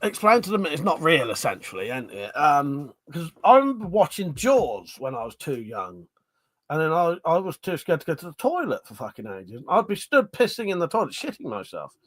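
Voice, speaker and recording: A man chats on his own livestream, his fairly high voice swinging up and down with a lot of life. He rambles through stories, trips over his words and swears freely as he reads out viewer comments. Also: huge pitch swings, moderate pace, fairly bright tone. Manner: rambling and sweary, with many fillers and restarts. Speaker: livestream host. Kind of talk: casual live-stream chat, reading viewer comments aloud.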